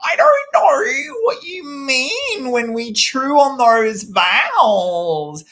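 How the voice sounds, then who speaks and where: A man putting on an exaggerated, shrill mock Australian accent with slow, drawn-out, cracking words. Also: sing-song, fairly bright tone, heavily acted. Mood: mock indignant.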